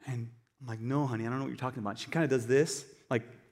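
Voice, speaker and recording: A male pastor giving an animated sermon, swinging between quiet asides and loud emphatic bursts. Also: mid-range voice, quick pace. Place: church hall. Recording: long hall reverb.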